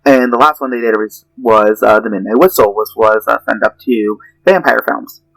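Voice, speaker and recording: A man's voice: fairly low pitch, moderate pace, creaky, fairly bright tone, no echo, poor audio. A man reading a character rundown in a dramatic, theatrical way with playful asides, then slipping into casual chat. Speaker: guest narrator.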